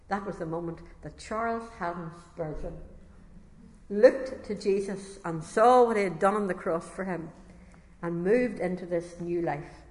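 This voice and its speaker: Woman preaching in an echoing hall. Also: mid-range voice. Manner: conversational asides between passages read aloud. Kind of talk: sermon with read-aloud testimony. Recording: echoey hall reverb.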